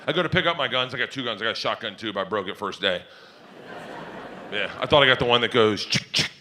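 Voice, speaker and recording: A middle-aged man telling comedic stories, animated and laughing as he acts out what people said. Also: mid-range voice, fast talker. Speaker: stand-up comedian. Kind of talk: storytelling comedy.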